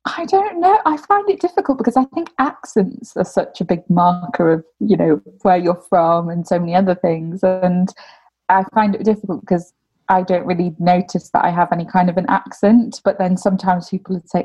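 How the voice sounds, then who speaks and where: A woman's voice: fairly low pitch, a little fast, mellow, muffled recording. A young woman talking casually about her family, rambling with lots of "like" fillers. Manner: rambling, heavy use of "like" fillers. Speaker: interviewee. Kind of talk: casual conversation.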